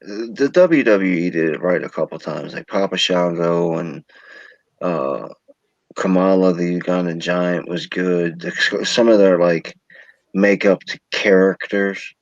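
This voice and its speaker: A man with a very deep, gravelly voice chats laid-back about wrestling, often tacking on "man". His sound is dull and lo-fi, close and dry. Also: unhurried, no room sound. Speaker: podcast co-host. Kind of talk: casual wrestling chat.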